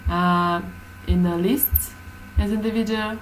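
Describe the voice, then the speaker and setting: A woman's voice: medium pitch, steady tone, takes it slowly, slight background noise, low-quality recording. A woman teaching a class, explaining hesitantly with many fillers.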